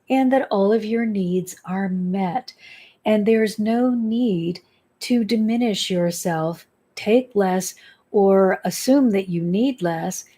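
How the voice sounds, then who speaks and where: A woman's voice: medium pitch, mellow. A woman leading a guided tapping meditation. She speaks in a soothing, instructive way and repeats affirmations for the listener to say back. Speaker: spiritual healer leading a guided exercise.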